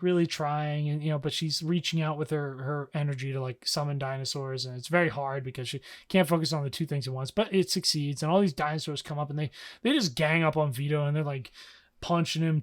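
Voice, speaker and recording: A young podcast co-host with a fairly high voice recaps a story in casual slang, jumping into quick character voices as he goes.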